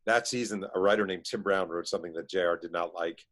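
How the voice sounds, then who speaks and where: He speaks in a fairly low voice as a guest author spinning anecdotes. His pace surges in quick bursts, loaded with "like" and "um." It sounds animated and conversational rather than scripted. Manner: animated storyteller, quick bursts, many fillers. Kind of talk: casual storytelling chat.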